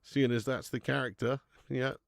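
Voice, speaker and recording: A man's voice: mid-range voice, fairly even intonation, normal speed, vocal fry, dry recording, clean studio sound. A young man hosting a football watch-along stream, chatting casually with viewers and swearing freely. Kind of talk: casual live-stream chat and match commentary.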